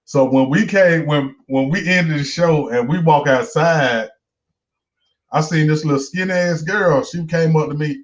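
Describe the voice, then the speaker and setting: A man's voice: fairly high pitch, measured pace. A man with a Southern accent, hosting and telling a rambling, profane story in a casual chat. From Georgia, US. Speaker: host, comedian. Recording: muffled lo-fi stream audio.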